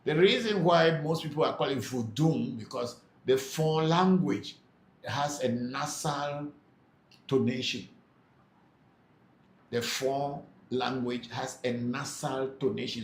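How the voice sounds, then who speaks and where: Gravelly man hosting a live Q&A. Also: mid-range voice, takes it slowly. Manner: hesitant, many filler sounds, explanatory. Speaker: spiritual teacher hosting a live Q&A. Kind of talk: live Q&A, reading out comments. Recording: echoey room with faint background noise.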